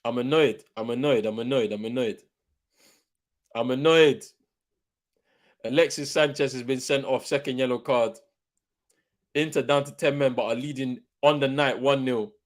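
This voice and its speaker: A young man hosting a live football watchalong, excitable and slangy, swinging from shouted outbursts to low mutters and repeating himself. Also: moderate pace, pauses often. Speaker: watchalong host.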